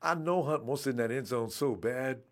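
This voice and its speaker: A man reacting live to a football game, excitable, talking at the players on screen and trash-talking them. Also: mid-range voice, normal speed. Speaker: football fan watching a game.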